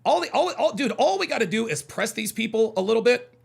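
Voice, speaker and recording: Brief: male call-in host from the American South, high and gravelly, profane and combative. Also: sing-song, fairly quick. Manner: profane, combative, repeats himself. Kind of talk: heated live reaction commentary.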